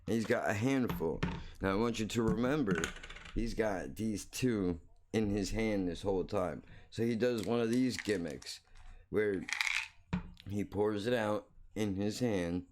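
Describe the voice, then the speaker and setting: On his own show, a man with a lowish voice tells a rambling story at a measured pace, blunt and swearing freely. It's a casual storytelling monologue from a podcast host, with noise in the background.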